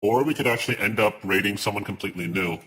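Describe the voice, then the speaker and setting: Guy streaming and venting, bright forceful voice, swears a lot, chats w his viewers. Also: on the low side, fast. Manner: ranting and exasperated, swears, reads chat aloud. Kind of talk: casual live-stream chat.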